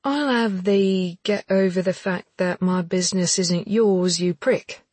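A woman doing a sharp-tongued fiery woman. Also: very animated, moderate pace, breathy edge, dry recording, exaggerated voice. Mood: biting. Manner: higher, biting and sarcastic.

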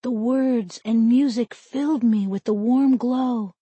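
A woman reads a first-person audiobook with a wry, deadpan teenage edge. Her voice sits on the higher side with a slightly husky grain. The recording is close and dry. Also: slow, dry recording. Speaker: audiobook narrator.

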